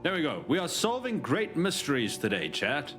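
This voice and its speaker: A man's voice: fairly high pitch, wildly swooping pitch, moderate pace, a bit bright, faint music behind. A man live-streaming, chatting casually and jokingly with his chat, with many restarts.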